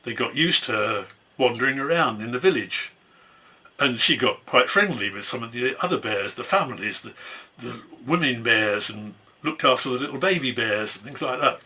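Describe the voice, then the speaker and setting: A man's voice: medium pitch, lively intonation, moderate pace, sharp tone, slightly rough. A man telling a traditional folk tale in an easygoing, conversational way, from an online concert. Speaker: storyteller.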